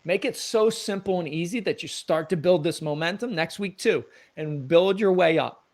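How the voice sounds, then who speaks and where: A man's voice: high-pitched, normal speed, a little mellow. A middle-aged man, a guest on an interview show, talking earnestly in a motivational coaching tone about habits and routines. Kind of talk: conversational interview.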